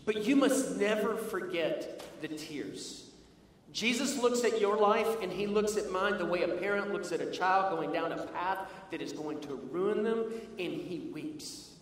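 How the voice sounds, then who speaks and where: A man with a fairly high voice preaches a sermon, moving from a personal story to earnest teaching and slowing down to stress key lines. He is recorded from a distance in a large hall, with a long, ringing reverb. Faint room ambience sits underneath. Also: slight background noise. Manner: storytelling, earnest, slows for emphasis. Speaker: pastor. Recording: echoey hall from far off.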